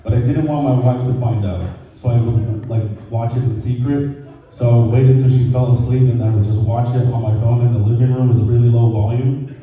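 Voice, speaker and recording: A man's voice: medium pitch, fairly even intonation, a little fast, phone-quality sound. A man doing a casual, swearing stand-up comedy set on stage at a brewery, with a dry mouth. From Mexican heritage. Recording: echoey room from far off.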